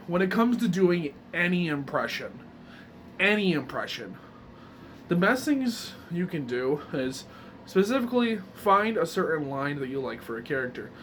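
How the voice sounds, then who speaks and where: A voice impression tutor with a fairly high pitch explains his craft in a casual video tutorial, with a little hiss or hum on the audio. He rambles and often corrects himself mid-sentence, restarting as he goes.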